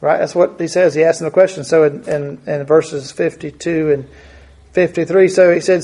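A man's voice: a little high, steady tone, normal speed, mellow. A man preaching a conversational Bible teaching, thinking aloud and often repeating his words.

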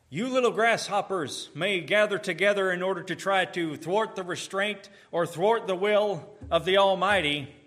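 Guy preaching, kinda high bright voice, gets loud then drops real quiet, super emphatic. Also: expressive, moderate pace. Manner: emphatic, swinging from booming to hushed. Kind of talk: sermon.

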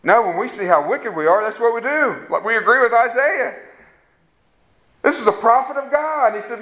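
A man's voice: very high voice, lively intonation, moderate pace, fairly bright tone. A man preaching a fervent sermon that rises to emphatic peaks. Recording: echoey room sound.

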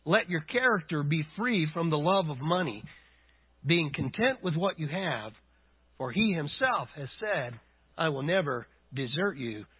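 Male preacher, husky and high, unhurried deliberate sermon delivery. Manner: slow, deliberate scripture reading and word study. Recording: phone-like narrow band.

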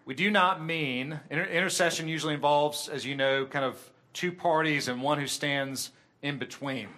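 Bright-voiced man preaching a sermon. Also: a little high, moderate pace. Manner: earnest, emphatic preaching with rising and falling intensity.

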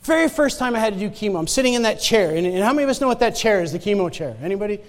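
A man's voice: sits high, lively intonation, rapid-fire. A man preaching a sermon and sharing his own story in a loose, conversational way, often stumbling over and repeating his words. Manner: conversational, stammering restarts, repeats phrases for emphasis. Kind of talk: sermon with personal testimony. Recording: long hall reverb.

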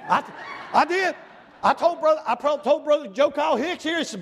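A middle-aged man preaching a sermon in a church, swinging between shouted lines and hushed, almost whispered passages. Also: extremely high pitch, expressive, brisk, gravelly. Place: church sanctuary. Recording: long hall reverb.

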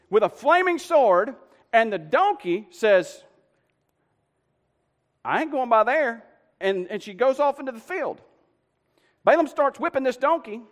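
A man preaching a sermon, telling a story in a folksy way and swinging from loud to hushed. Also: high voice, long reverb tail. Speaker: pastor.

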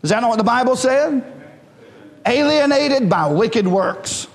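High-voiced fervent preacher in a hall. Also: male voice, animated, unhurried. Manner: fervent, preaching in a rising call-and-response style. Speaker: pastor. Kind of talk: sermon. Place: church sanctuary.

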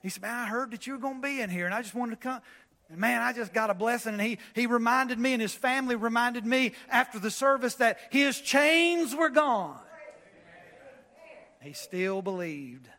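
A man preaching a sermon, telling a story with animated swings between loud preaching and quiet. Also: very high voice, moderate pace, big-room sound. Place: church.

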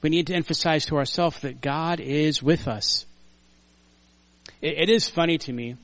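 An older man preaches to his congregation in a relaxed, storytelling way. His voice sits a touch higher than most men's, and he slides between soft, almost muttered asides and sudden loud, emphatic bursts. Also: normal speed. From United States. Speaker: pastor. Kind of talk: conversational sermon. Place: church sanctuary.

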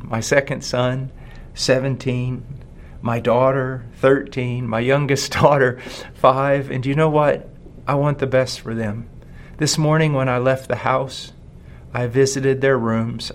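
Emphatic preacher man, slow stressed words. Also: medium pitch, a little hiss or hum. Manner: emphatic, rhetorical questions, slows down for stress. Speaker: pastor. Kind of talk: sermon.

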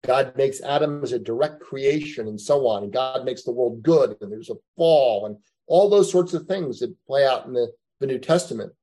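A man's voice: mid-range voice, moderate pace, few pauses, dark tone, rough recording. A man teaching a Bible class, lecturing conversationally and thinking aloud with frequent asides to his students.

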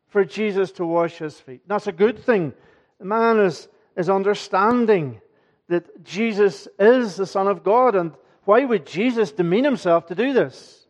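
A man's voice: high voice, highs cut off. A man preaching an evening sermon to his congregation, earnest and emphatic, often asking rhetorical questions. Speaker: pastor. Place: church.

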